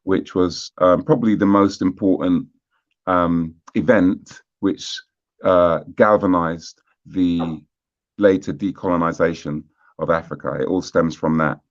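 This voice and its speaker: A British man as an interview guest, telling stories in an unhurried, casual way with many fillers. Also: sits low, muffled recording. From Britain. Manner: relaxed and unhurried, with frequent fillers and asides. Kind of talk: casual conversational storytelling.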